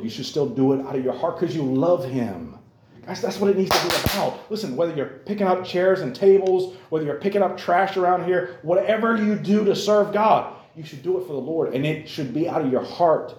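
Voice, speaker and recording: A man's voice: mid-range voice, darkish tone, a little hiss or hum. A man preaching a sermon to young people in a church, earnest and repetitive, calling out to his listeners again and again. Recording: roomy echo.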